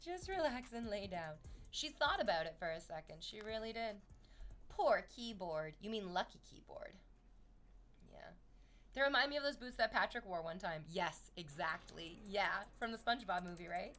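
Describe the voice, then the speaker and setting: A chatty woman livestreaming, loose and playful as she reads chat and tells stories. Her voice sits at an ordinary middle pitch, and a faint bed of music hums under her talk. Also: animated, normal speed, fairly bright tone. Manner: chatty, playful, swears casually. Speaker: streamer.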